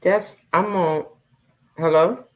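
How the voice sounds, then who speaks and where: A woman's voice: fairly low pitch, fairly even intonation, slow. A woman hosting a casual live chat, talking in a heartfelt way and often repeating her phrases. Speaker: livestream host.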